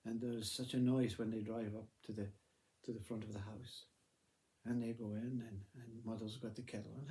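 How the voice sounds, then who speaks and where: A man telling a spiritual parable in a measured, gently emphatic way, often repeating words. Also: fairly low pitch, flat delivery. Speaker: storyteller. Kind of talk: spoken parable.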